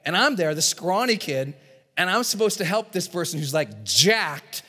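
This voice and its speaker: A man giving an energetic motivational seminar talk to a live audience in a large event hall, often acting out voices in his stories. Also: high voice, normal speed, husky. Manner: energetic, animated, acts out dialogue in voices. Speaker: motivational speaker and coach.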